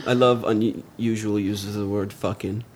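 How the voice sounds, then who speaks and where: A man chatting casually with friends, animated, laughing often and swearing casually. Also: lowish voice, moderate pace, over a noisy crowd. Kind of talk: casual chat.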